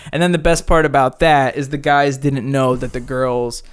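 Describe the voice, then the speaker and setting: A man from New York City co-hosting a podcast, telling gossip in a casual chat, animated and heavy on "like.". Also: mid-range voice, moderate pace, clear, resonant tone. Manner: animated storyteller, frequent "like" fillers. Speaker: podcast co-host.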